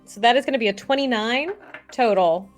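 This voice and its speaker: Higher-pitched woman playing a tabletop game. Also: brisk, soft background music. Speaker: player. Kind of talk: casual tabletop game play.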